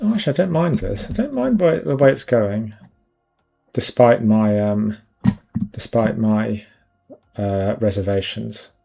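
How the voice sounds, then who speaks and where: Rambling, gravelly man. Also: lowish voice, animated, a little slow, pauses often, mellow, soft background music. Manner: rambling, self-deprecating, trailing off. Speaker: concept artist streamer. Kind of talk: casual live-stream chat while drawing.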